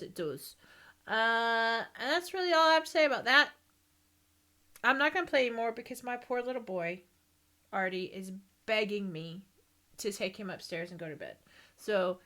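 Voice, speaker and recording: Streamer, woman in her 30s, light Texan American accent, chatty and giggly, bright tone. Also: fairly high pitch. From Texas, US. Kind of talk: casual stream chat.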